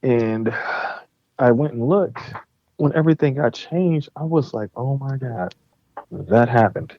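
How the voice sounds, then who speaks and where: A young man, a game studio founder and podcast guest, telling a story with animated, profane energy and acting out both sides of the conversations. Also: mid-range voice, a little slow, no room sound, muffled recording. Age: young adult.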